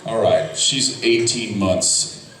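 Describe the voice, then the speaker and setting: A playful man joking with fans from a convention stage, with a lowish, unhurried voice. He sounds far from the mic, his voice booming around a huge echoey hall over loud noise. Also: some chatter behind. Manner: teasing, laughing, playful. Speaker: convention panel guest. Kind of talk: joking panel banter.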